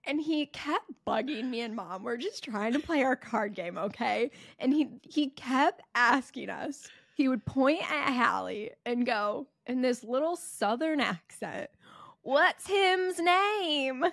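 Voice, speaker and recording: A woman in her twenties co-hosting a podcast, telling a story in a lively, laughing way. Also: a little high, measured pace, vocal fry, few pauses, dry recording, studio quality. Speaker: podcast co-host. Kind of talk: casual chat.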